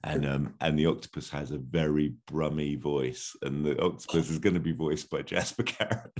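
A man's voice: very deep voice, steady tone, normal speed, darkish tone. A man telling a story in a casual, rambling podcast chat, with many fillers. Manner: rambling, filler-heavy, chuckling.

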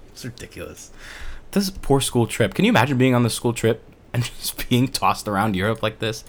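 A man's voice: mid-range voice, expressive, normal speed. A man co-hosting a podcast, chatting casually through a movie recap in a rambling, laid-back way with the odd swear word. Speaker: podcast co-host.

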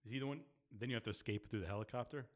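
A man's voice: mid-range voice, rapid-fire. A man co-hosting a casual podcast, giving dry, matter-of-fact answers and laughing along. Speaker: podcast co-host. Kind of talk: casual chat.

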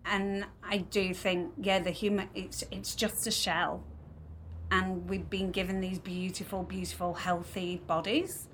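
A woman's voice: medium pitch, flat delivery, measured pace, a bit bright, a little hiss or hum. A woman speaking as a podcast guest, reflective and earnest as she tells personal stories. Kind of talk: casual chat.

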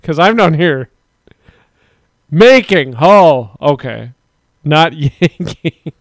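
A man's voice: on the high side, lively intonation, very slow, dry recording. Rambling man in casual chat, dry sound. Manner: rambling, laughs often, swears casually. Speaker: podcast co-host.

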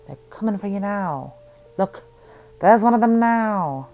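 A woman's voice: mid-range voice, animated, unhurried, a little mellow, soft background music, pitched above the performer's own voice. A woman doing a teasing mock-spooky horror-film tease.

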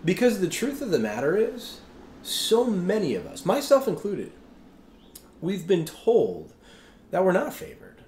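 Animated pastor with a lively, slightly high voice. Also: male voice, unhurried, roomy sound, a little hiss or hum. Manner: conversational, keeps asking "right?". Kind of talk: sermon.

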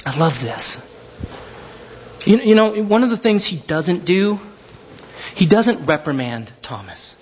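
A man's voice: a little high, very animated, slow pace, long pauses, husky, highs cut off. A man preaching a sermon as pastor, telling stories animatedly and acting out the voices of the people in them.

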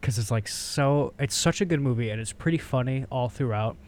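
A man co-hosting a podcast in casual chat, excitable and swearing as he runs down a ranked list. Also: mid-range voice, a little fast. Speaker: podcast co-host.

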